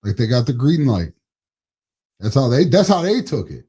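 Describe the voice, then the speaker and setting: A man's voice: medium pitch, sing-song, normal speed, mellow, husky. A man co-hosting a podcast in casual political chat, swearing freely, laughing often and trailing off into mumbles. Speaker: podcast co-host.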